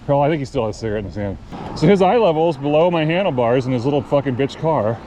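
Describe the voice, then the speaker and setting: A man's voice: mid-range voice, lively intonation, quick pace, warm tone. A man casually telling a road story in a rambling, profane, amused way, recorded outdoors by a road. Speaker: cycling vlogger. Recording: clear outdoor traffic noise.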